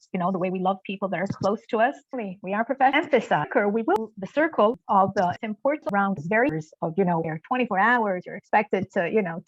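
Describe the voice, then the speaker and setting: A woman's voice: mid-range voice, no room sound. A woman leading an online caregiver training session, talking earnestly and encouragingly with many fillers. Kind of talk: live online workshop talk. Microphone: video call. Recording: dull, muffled video-call audio.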